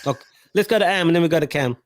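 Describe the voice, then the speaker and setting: Chatty podcast host, dry sound. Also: male voice, fairly high pitch, lively intonation, no echo. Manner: chatty, quick to pass questions around. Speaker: host reading viewer comments. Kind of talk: casual podcast hosting.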